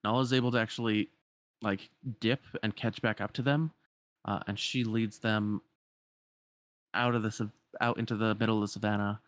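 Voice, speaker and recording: A man's voice: fairly low pitch, steady tone, moderate pace, no room sound. A man casually retelling a video game cutscene, chatty, with lots of fillers and restarts.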